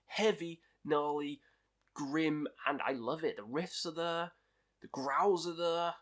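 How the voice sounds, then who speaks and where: A man's voice: on the high side, slow pace, fairly bright tone. A man hosting a casual album ranking review, chatty and opinionated, with lots of ums and likes. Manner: chatty and opinionated, with many fillers. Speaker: music reviewer host.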